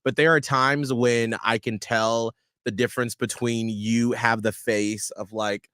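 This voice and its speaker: A man co-hosting a radio show in casual chat, expressive and acting out voices in his stories. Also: medium pitch, unhurried, clear, resonant tone, no room sound, studio quality. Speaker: radio co-host.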